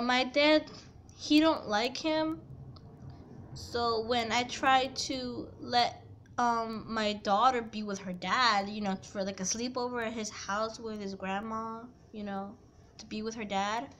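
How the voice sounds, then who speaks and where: Upset young woman ranting, slow talker. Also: a little high, slight background noise. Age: young adult. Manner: rambling, upset, swings from quiet to loud and angry. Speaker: vlogger telling a personal story. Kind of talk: casual storytime.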